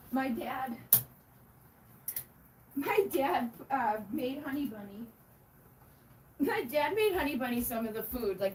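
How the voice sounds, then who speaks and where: A woman's voice: a little high, a little hiss or hum. A young woman hosting a tarot livestream from home, chatting casually, giggling often and swearing freely. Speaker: tarot reader livestream host. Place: home, indoors.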